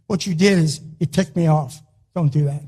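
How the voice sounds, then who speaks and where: An older man giving a motivational speech to an audience, emphatic and repetitive, sometimes rising to a shout. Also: a little high, moderate pace. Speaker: motivational speaker.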